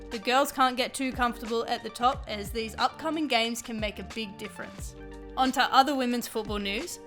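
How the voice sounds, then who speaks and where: Young Australian woman, upbeat scripted sports news read, slightly high voice. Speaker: segment presenter.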